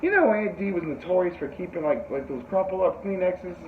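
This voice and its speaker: Male podcast host, animated rambling storyteller, high-ish voice, tinny lo-fi sound. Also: a little fast. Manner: animated, rambling, profane, acts out quotes in high yelps. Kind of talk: casual storytelling chat. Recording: tinny phone-like sound with faint noise.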